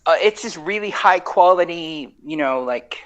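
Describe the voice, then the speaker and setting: A man in casual podcast chat, halting and full of fillers as he sets up a joke. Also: a little high, expressive, fairly bright tone, dull audio. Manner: slow, halting, many fillers. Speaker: podcast co-host.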